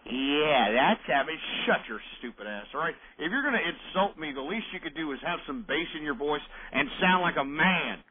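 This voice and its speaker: A man's voice: fairly high pitch, lively intonation, normal speed, few pauses. A man hosting a call-in radio show, ranting and hurling insults at callers. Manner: abrasive, insulting, belligerent. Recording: tinny phone-like radio audio.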